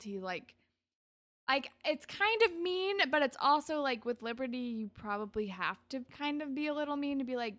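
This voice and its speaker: A woman's voice: on the high side, normal speed, a bit bright. Young woman gabbing about an episode, tons of "like", does the characters' lines. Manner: chatty, full of "like", acts out characters' lines. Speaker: podcast co-host recapping a TV episode. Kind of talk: casual chat.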